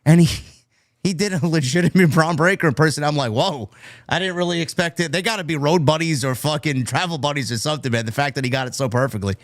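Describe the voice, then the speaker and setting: A man with a New York accent, hosting a casual wrestling podcast and loosely retelling the show's events with quick quoted asides. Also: a little high, no room sound. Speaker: podcast host. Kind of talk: casual wrestling recap chat.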